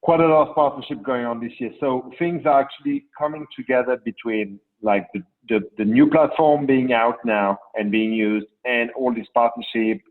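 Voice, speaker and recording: A man with a French accent, a drone company panelist answering questions on a video call in measured, pausing explanations. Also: medium pitch, steady tone. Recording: phone-like call audio.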